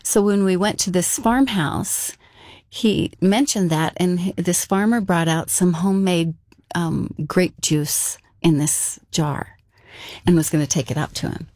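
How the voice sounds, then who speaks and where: A woman's voice: on the low side, unhurried, darkish tone, no echo, clean studio sound. A woman telling a personal story in an interview, casual and conversational, with frequent fillers. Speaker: interview guest.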